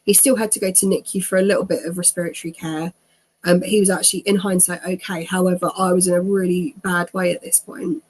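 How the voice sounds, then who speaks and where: A woman's voice: on the low side, flat delivery, fast talker, a little mellow, husky. A woman in her thirties, an interview guest telling her own story in a chatty way. She laughs often and acts out what people said. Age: 30s.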